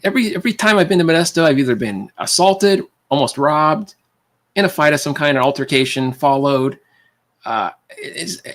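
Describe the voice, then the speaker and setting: A laid-back man is hosting a livestream and chatting with his viewers, his voice sitting at an everyday middle pitch. He talks in loose, rambling runs, laughs a lot, and keeps calling people man and dude. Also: fairly bright tone. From California. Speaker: livestream host. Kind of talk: casual chat with viewers.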